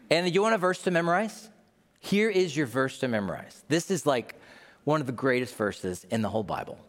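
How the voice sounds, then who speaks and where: A man delivers a sermon with a lively, swooping voice that sits a little high. He jokes with the congregation and acts out the voices he quotes. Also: fairly quick. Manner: animated, jokey, acts out voices. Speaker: pastor.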